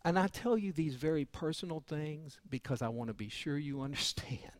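A man preaching a sermon, telling personal stories in a folksy way, his voice swinging between loud passages and hushed ones. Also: fairly high pitch, animated, a little fast, no room sound.

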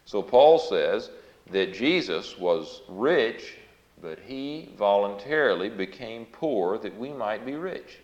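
Deep-voiced guy preaching through bible verses, earnest, dull old echoey recording. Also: lively intonation, slow pace, darkish tone. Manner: earnest, explanatory, reads scripture aloud with emphasis. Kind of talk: Bible study sermon.

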